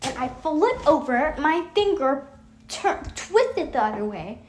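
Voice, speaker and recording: A woman's voice: high-pitched, very animated, slow, slight background noise. A young woman telling a rambling storytime, with lots of fillers and frequent laughs. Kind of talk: casual storytime vlog.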